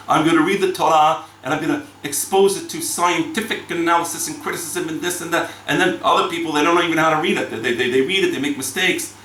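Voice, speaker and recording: A man teaching a Torah lecture as a rabbi, animated and chanting verses between his explanations. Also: a little high, slight background noise. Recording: echoey room, mic from far off.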